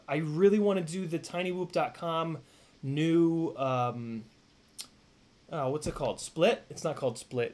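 A young man hosting a casual live stream, rambling with lots of fillers and restarts, swearing now and then while thanking viewers. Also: a little high. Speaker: live-stream host reading donations.

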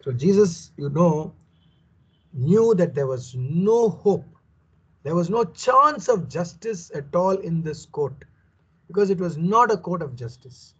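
A male preacher teaches from scripture with emphatic repetition and rhetorical questions. His voice sits a little high and sounds husky. The recording is dull and lo-fi. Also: lively intonation, measured pace. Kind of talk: Bible teaching sermon.

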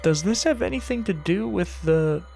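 A man's voice: sits high, lively intonation, normal speed, vocal fry, a little mellow, faint music behind. Man reading a horror game aloud. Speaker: gaming streamer.

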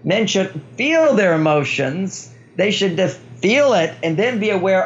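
A man's voice: high voice, lively intonation, moderate pace, creaky, hardly any pauses. An older man, a relationship author, explaining his ideas as an interview guest and acting out quoted dialogue. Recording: dull lo-fi sound.

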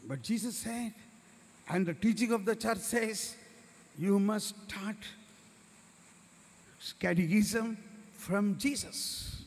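A man with an Indian English accent gives a slow, deliberate sermon in a high voice. He tells stories and acts out the voices of the people in them, and his words ring out in a big reverberant hall. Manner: storytelling, acts out voices of others. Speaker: priest preaching at a workshop.

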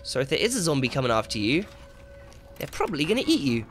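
A man giving excitable let's play commentary, swearing and shouting at the game as he plays. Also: mid-range voice, quick pace. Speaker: gaming channel host. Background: game music and sound effects.

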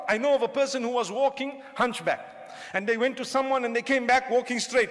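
A man's voice: extremely high pitch, brisk, fairly bright tone. A man preaching a humorous sermon to a crowd, often asking them questions. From southern Africa. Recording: long hall reverb.

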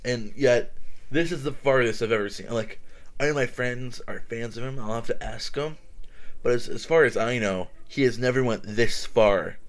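A man's voice: mid-range voice, normal speed, low-quality recording. A man vlogging to his viewers in casual commentary, rambling and stammering, with lots of filler and repeated words, close to his microphone. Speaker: gaming vlogger. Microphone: close-up desk mic.

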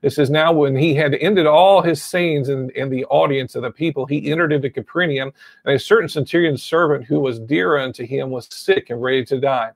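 A pastor preaching a sermon, retelling a story and saying amen again and again. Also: male voice, medium pitch, brisk, no room sound. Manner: repeats amen often, storytelling.

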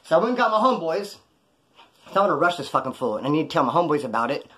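A former prisoner telling stories about prison life in a blunt, rambling, profane way. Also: male voice, fairly high pitch, big pitch swings, rapid-fire, pushed and bright. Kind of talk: casual storytelling monologue.

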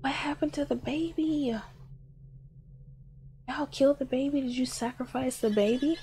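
A woman's voice: high voice, normal speed, pauses often, background noise. Jumpy woman narrating a horror game. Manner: nervous, gasping and laughing in fright. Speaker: gameplay streamer.

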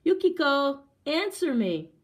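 A woman's voice: medium pitch, animated, a little slow, darkish tone. A woman reading a storybook aloud, voicing a greedy young husband who calls out and makes demands. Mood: calling. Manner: calling, demanding. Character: poor young fisherman husband, greedy and insistent.

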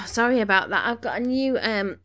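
At home, a woman narrates her gaming session casually, her medium-pitched voice bright and pushed at a normal speed. She keeps up the chatter while bossing her characters about, her nose slightly stuffy from allergies.

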